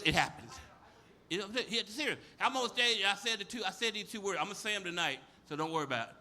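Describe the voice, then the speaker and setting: A man's voice: high-pitched, expressive, a little fast, pushed and bright. A man doing a stand-up comedy set on a club stage, brash, profane and full of stories. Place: comedy club stage before a live audience.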